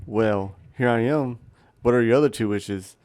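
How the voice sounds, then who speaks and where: A man's voice: mid-range voice, normal speed, a little mellow. A young man co-hosting, improvising a story in a rambling way and repeating 'he goes' as he talks. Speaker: co-host and storyteller. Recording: distant mic in echoey room, faint noise.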